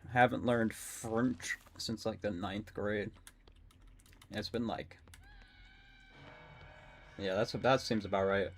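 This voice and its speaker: A young adult man streaming a game, rambling and excitable, swearing often and talking to his chat. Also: lowish voice, slow, long pauses, faint music behind. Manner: talks to chat. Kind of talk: casual live-stream commentary while gaming.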